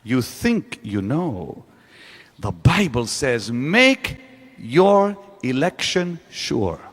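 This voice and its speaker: A man's voice: mid-range voice, big pitch swings, very slow, fairly bright tone, slightly rough. A man preaching a sermon to a live audience in a large church auditorium, driving his point home with repeated rhetorical questions. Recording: long reverb of a large hall.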